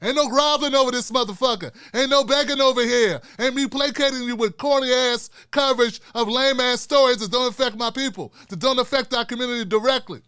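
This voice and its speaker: High-voiced, middle-aged man, solo commentary host, blunt and profane, dry close mic. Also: fairly quick, hardly any pauses, pushed and bright, smooth, no echo. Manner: blunt, emphatic and profane, with heavy repetition. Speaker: show host.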